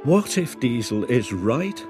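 A man's voice: mid-range voice, very animated, slow pace. A man voicing a proud, eager young male tank engine in a storybook reading, with background music. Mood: worried. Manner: eager, indignant.

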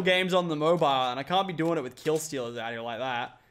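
A young man giving excitable, playful commentary over a mobile battle royale match. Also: on the high side, a little hiss or hum. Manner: excitable, quick reactions, playful trash talk. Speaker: gaming YouTuber. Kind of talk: gameplay commentary.

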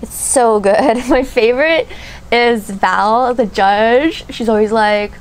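Taking it slowly in a clean, highish voice, a thirtysomething beauty vlogger chats through her makeup routine in a get-ready-with-me vlog. She rambles and gushes, with fillers everywhere.

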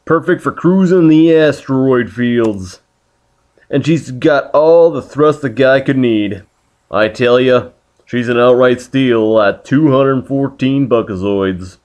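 A man's voice: slow, darkish tone, natural voice. A man doing a drawling cowboy spaceship salesman. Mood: salesy. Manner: folksy sales-pitch drawl.

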